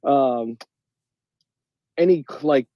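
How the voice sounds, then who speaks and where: A man in casual podcast chat, animated and rambling, with frequent restarts and laughter. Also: mid-range voice, extremely slow, no room sound, highs cut off. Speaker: co-host.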